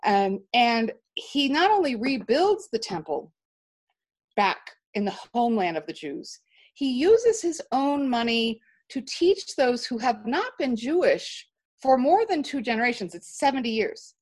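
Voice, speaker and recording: Interview guest, female, slightly high voice, animated storyteller who restarts often. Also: a little slow. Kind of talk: storytelling in conversation.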